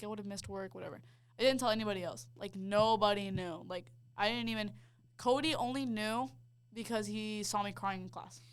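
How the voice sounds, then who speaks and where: A young woman co-hosting a podcast shares her faith testimony in a relaxed, conversational way. Her smooth voice sits at a typical middle pitch, and she tells each step with genuine emotion, sprinkling in plenty of "like."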